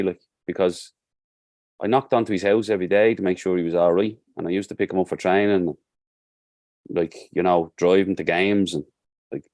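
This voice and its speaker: A man's voice: low voice, a little mellow, dry recording, clean studio sound. A man with a Dublin accent, a football coach talking as a podcast guest and telling stories in an earnest, heartfelt way. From Ireland. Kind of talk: casual podcast conversation.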